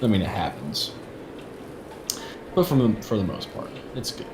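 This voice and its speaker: A man's voice: fairly low pitch, big pitch swings, moderate pace. A man co-hosting a podcast, chatting in an easygoing way. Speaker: podcast co-host. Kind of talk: casual podcast chat. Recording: roomy with noticeable hiss.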